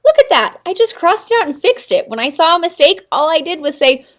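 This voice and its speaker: A woman's voice: very high voice, very animated, brisk, a bit bright. A woman teacher giving a recorded writing lesson to young children, in an exaggerated, encouraging sing-song manner.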